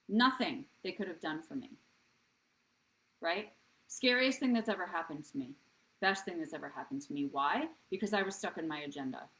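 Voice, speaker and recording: A woman's voice: mid-range voice, animated, normal speed, bright, forceful tone, poor audio. A woman in her thirties hosting a live wellness show, talking earnestly to viewers in a coaching way and often checking in with "right?". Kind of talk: live-stream talk to viewers.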